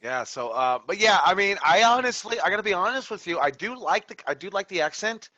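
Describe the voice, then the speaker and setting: A man's voice: high-pitched, expressive, a little fast, bright, forceful tone, no echo. A man coaching a wrestling promo class, giving upbeat, encouraging critiques. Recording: dull lo-fi audio.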